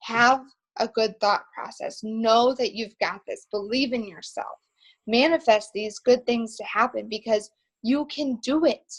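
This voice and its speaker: A young woman hosting a motivational team video call, telling stories in an excited, emphatic, rambling way. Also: on the high side, measured pace, slightly rough, poor audio.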